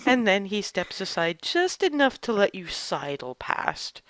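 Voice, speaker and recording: A woman narrating a tabletop game as game master, telling the scene in a relaxed way with frequent restarts. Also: medium pitch, measured pace. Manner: relaxed storytelling with many restarts.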